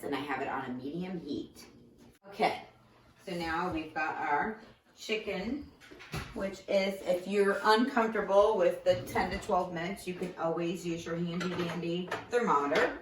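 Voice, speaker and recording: Low chatty woman cooking in her kitchen, echoey room, mic kinda far off. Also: a little hiss or hum. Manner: chatty and joking. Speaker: cooking show host. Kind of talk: casual cooking demonstration. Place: home kitchen.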